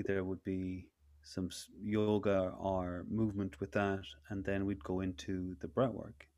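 A man in his thirties, a breathwork facilitator, speaks in a fairly low, darkish voice while telling a personal story in a casual interview. His telling rambles, full of frequent restarts.

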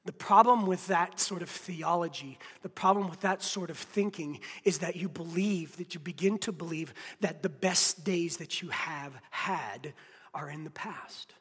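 A man's voice: a little high, unhurried, fairly bright tone, slightly rough, long reverb tail. A man preaching a sermon, emphatic, repeating key phrases and speaking straight to his listeners. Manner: addresses listeners directly. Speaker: pastor.

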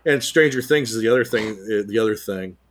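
A man's voice: lowish voice, fairly quick. A man co-hosting a podcast in casual chat, crude and jokey, slipping into mock British voices. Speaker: podcast co-host.

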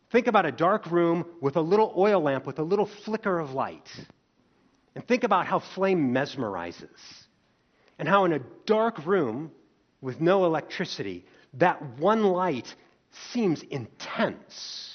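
A man preaching a sermon, telling the story in lively, expressive turns and asking the congregation rhetorical questions. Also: fairly high pitch. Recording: dull lo-fi recording.

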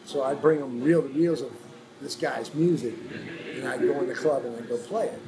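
The speaker, a guest musician from New Orleans, has a mid-range voice at normal speed and is heard against a noisy background. He rambles through a long story in an informal interview, swearing freely and acting out other people's voices as he quotes them.

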